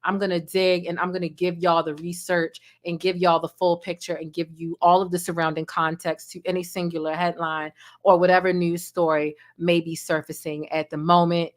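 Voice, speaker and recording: Lowish-voiced woman getting emotional talking to her viewers on a home stream mic. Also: little pitch movement, normal speed, hardly any pauses. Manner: emotional, heartfelt, speaks directly to viewers. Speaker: celebrity gossip livestream host. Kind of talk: casual livestream chat. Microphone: desk microphone.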